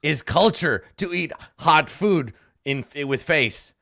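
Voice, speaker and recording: A man voicing a calm, wise male gnoll who talks slowly in broken English. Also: a little high, gravelly, full character voice. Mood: curious. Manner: slow broken-English phrasing.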